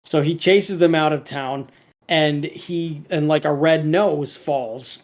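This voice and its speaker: Here a man with a fairly high pitch takes his time recapping a cartoon episode on a podcast he co-hosts. It's casual and meandering, full of restarts and fillers, and every so often he slips into a lightly acted voice to quote the characters.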